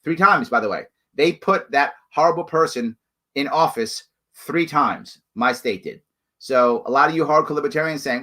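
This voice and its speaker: Man, host, answering viewer questions, emphatic, lively pitch swings. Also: moderate pace. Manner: emphatic, animated, repeats points for stress. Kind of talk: live call-in style solo talk.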